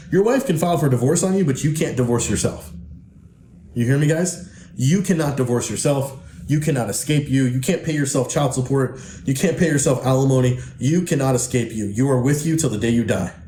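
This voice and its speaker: A man's voice: medium pitch, animated, fairly quick, dark tone. A man hosting a podcast, speaking bluntly and emphatically with frequent profanity, coaching men in a preachy way. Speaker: podcast host and men's coach. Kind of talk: podcast monologue. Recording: echoey room, faint noise.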